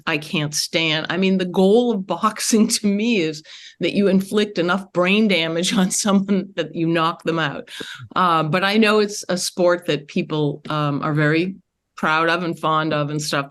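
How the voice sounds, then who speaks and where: Chatty older woman on a panel. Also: deep voice. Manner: chatty and expressive, quick laughs. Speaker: rabbi emerita panelist. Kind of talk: panel discussion.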